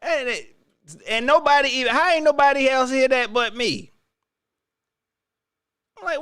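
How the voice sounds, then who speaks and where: A man's voice: very high voice, unhurried, long pauses, bright, forceful tone, clean tone, dry recording, studio quality. A man giving a casual, joking sports rant, incredulous and repeating himself for effect. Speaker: sports commentator.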